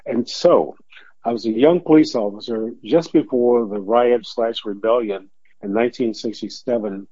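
A man's voice: mid-range voice, normal speed, husky, dry recording. An older man from Detroit, a former police officer, telling stories as an interview guest and acting out the voices he quotes. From Detroit, USA. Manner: animated storyteller who acts out quoted voices and laughs often. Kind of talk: storytelling in an interview. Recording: dull lo-fi recording.

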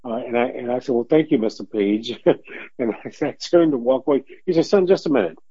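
Speaking at a moderate pace in a slightly rough, medium-pitched voice, a retired Detroit cop shares stories during an interview. He's an animated teller who performs the voices of people he quotes and laughs frequently; the lo-fi recording sounds dull but has no echo.

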